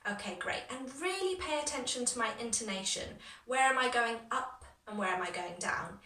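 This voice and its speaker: A woman teaching an English lesson, modeling phrases clearly for listeners to repeat, with encouraging words and a rising, exaggerated intonation on the examples. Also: a little high, lively intonation, moderate pace, few pauses, bright, forceful tone. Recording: echoey room from a distance.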